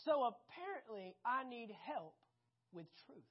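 A woman preaching a sermon, animated and conversational, often asking the congregation questions. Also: on the high side, measured pace, slightly rough, muffled recording.

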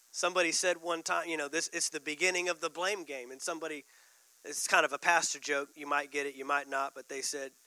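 A man's voice: fairly high pitch, pushed and bright, no echo, poor audio. A man preaching a sermon, building emphasis and repeating key lines. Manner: preaching with rising emphasis and repetition. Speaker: pastor.

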